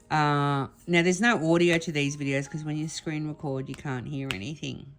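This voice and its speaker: Low-voiced woman, rambling and tearful. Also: steady tone, moderate pace, few pauses, faint music behind. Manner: rambling, emotional, self-correcting with many restarts. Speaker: vlogger. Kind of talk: casual emotional storytelling to camera.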